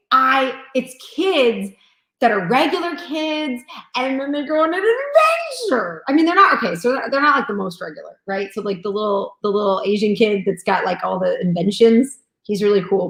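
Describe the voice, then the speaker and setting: A woman chatting casually about movies, animated and acting out scenes as she tells them. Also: medium pitch, brisk. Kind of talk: casual chat. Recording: echoey room.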